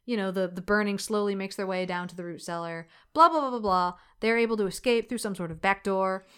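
A woman's voice: medium pitch, fairly quick, fairly bright tone, clean tone. A woman co-hosting a podcast, recapping a movie in casual chat, swearing freely and putting on mock voices for quotes. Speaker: podcast co-host.

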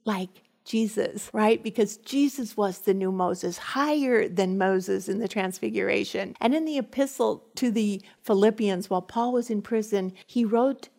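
A woman's voice: medium pitch, a little slow, creaky, few pauses, a little mellow. A woman giving an earnest Bible study talk, reading scripture passages aloud with emphasis. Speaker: Bible teacher.

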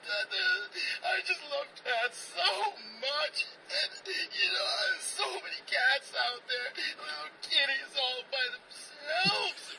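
A high, slow, stumbling voice of a cat-obsessed young woman, put on by a man, full of halting stops and teary laughter. It comes from a loud, noisy clip played back far from the mic. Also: vocal fry, heavily acted. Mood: sobbing. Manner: rambling, halting, breaks into sobbing laughter. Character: overemotional young woman who adores cats.

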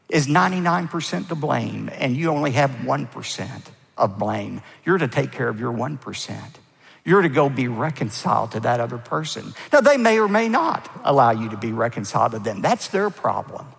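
A man preaching a sermon as pastor, stressing key words with rising pitch and letting phrase ends fall low. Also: vocal fry. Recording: long hall reverb.

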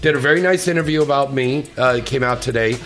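A man's voice: medium pitch, fast talker, a bit bright, soft background music. A man hosting a casual chat show, joking and teasing his guests. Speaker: host.

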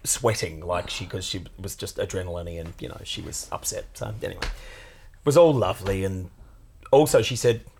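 A man's voice: moderate pace, slight background noise. A man who co-hosts a podcast, telling a story in casual chat and swearing now and then. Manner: animated, jumps into high put-on voices for quotes, swears casually. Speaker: podcast co-host.

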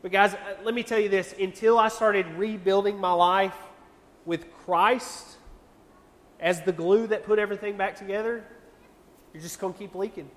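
Earnest high-voiced young man preaching. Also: steady tone, moderate pace, fairly bright tone. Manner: earnest, conversational preaching with repeated rhetorical questions. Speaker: youth pastor. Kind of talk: sermon. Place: church hall. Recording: long church-hall reverb.

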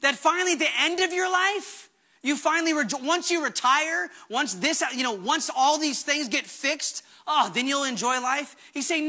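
A male pastor preaching a sermon with earnest, impassioned conviction and quick asides. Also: very high voice, pushed and bright.

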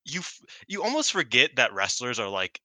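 Excited man with a very bright voice. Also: medium pitch, normal speed, no room sound. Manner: excited, laughing, swearing freely. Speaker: podcast co-host. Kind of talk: casual chat.

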